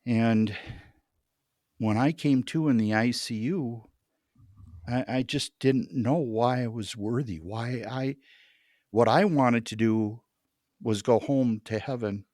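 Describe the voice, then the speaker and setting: A man telling a deeply personal story as a podcast guest, earnest and halting, often repeating words as he restarts. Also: a little mellow, dry recording, clean studio sound.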